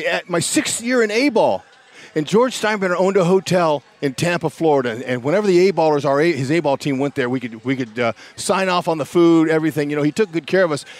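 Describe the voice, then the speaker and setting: An older man in his sixties with a slightly high voice tells sports stories in an excitable, folksy way. He throws in "man" a lot and keeps the energy up. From California. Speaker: guest broadcaster, former ballplayer. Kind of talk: animated storytelling in a sports talk interview.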